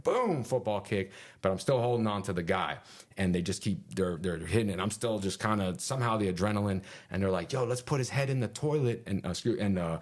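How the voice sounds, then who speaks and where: A man in a casual interview, telling a story with animated energy, lots of fillers and punchy "boom" sound effects, and casual swearing. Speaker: interview guest.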